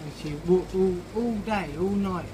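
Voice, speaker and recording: A man's voice: high-pitched, moderate pace. A man reading his own children's story aloud, tipsy and improvising, swearing and laughing as he goes, recorded outside a pub. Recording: loud outdoor background noise.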